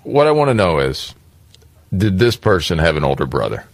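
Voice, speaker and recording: A man's voice: deep voice, big pitch swings, normal speed, creaky, a little hiss or hum. Blunt, sardonic male podcast co-host. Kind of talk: casual chat.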